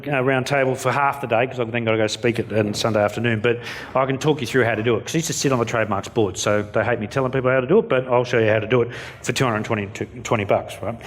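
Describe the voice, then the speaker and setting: A man's voice: medium pitch, steady tone, fast, slight background noise. An Australian man giving a keynote speech to an audience, blunt and self-mocking, acting out what people said. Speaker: keynote speaker. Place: conference venue before an audience.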